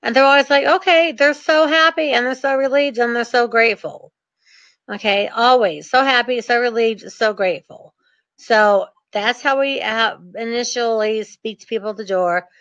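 Woman, real estate coach, chatty and ranting, sarcastic asides, a bit high-pitched, dull dry recording. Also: normal speed, fairly bright tone, dry recording. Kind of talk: energetic coaching talk.

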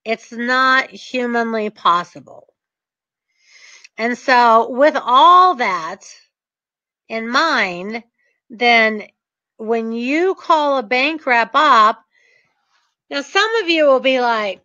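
Confident woman real estate coach, bright and emphatic, slightly high voice, dull dry lo-fi recording. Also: expressive, drawn-out words, long pauses, dry recording. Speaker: real estate investor and short sale coach. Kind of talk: teaching talk with acted examples.

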